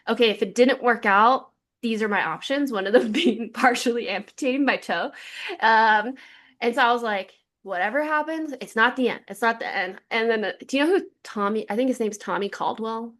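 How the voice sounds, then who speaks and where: A woman co-hosting a podcast, telling stories in a lively casual chat full of "like" fillers. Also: a little high. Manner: lively storyteller, many "like" fillers. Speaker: podcast co-host.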